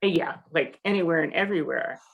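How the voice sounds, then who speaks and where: A woman with a low, gravelly voice co-hosts a podcast discussion. She talks thoughtfully and hesitantly, searching for words with frequent fillers. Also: a little fast, phone-quality sound.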